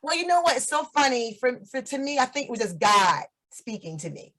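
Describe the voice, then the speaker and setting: A woman's voice: sits high, big pitch swings, fairly quick, fairly bright tone, poor audio. A woman in her fifties, a guest on an interview show, telling her story in a chatty way and laughing often. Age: 50s.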